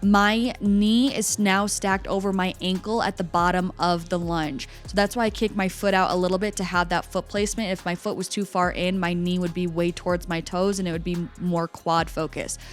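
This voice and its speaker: A young woman, a personal trainer talking viewers through workout form in a chatty, instructive voice-over. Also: fairly low pitch.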